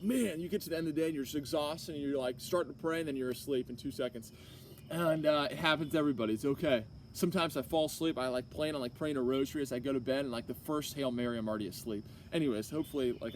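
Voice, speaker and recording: A man's voice: fairly high pitch, darkish tone. A young man giving an earnest, casual personal testimony to a class, full of filler likes and restarts. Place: classroom or hall. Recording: distant mic with faint room noise.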